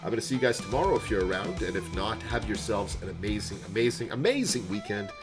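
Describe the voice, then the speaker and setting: A man's voice: lowish voice, big pitch swings, fast talker. A man in his thirties, a streamer, chatting casually to his viewers in a heartfelt, rambling way, repeating words and getting choked up. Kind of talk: casual livestream sign-off chat. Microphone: desk microphone. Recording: guitar music playing behind.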